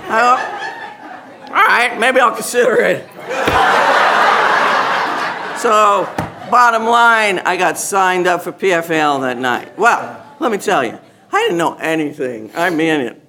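A man giving a personal testimony to a gathered group, an animated storyteller who acts out other people's lines and laughs often. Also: high-pitched, measured pace, a crowd in the background. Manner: laughs often while talking. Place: meeting room with a gathered group.

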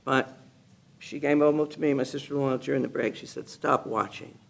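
A man giving a personal testimony to a gathered group, an animated storyteller who acts out other people's lines and laughs often. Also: medium pitch, fast, creaky, a little hiss or hum. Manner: laughs often while talking. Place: meeting room with a gathered group.

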